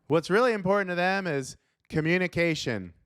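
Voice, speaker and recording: Young guy comedian doing a snarky news rant, smooth kinda high voice. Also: fairly quick, fairly bright tone. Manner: sarcastic, riffing, incredulous. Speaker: comedian host.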